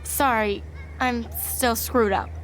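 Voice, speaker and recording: An upset young student girl, kinda high voice, faint noise behind. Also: fairly even intonation, takes it slowly.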